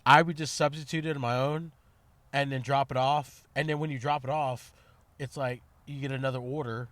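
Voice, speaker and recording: A man's voice: medium pitch, steady tone, moderate pace, a bit bright, no room sound. A man co-hosting a podcast, talking in a loose, casual way, swearing and trailing off with fillers. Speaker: podcast co-host. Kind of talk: casual chat.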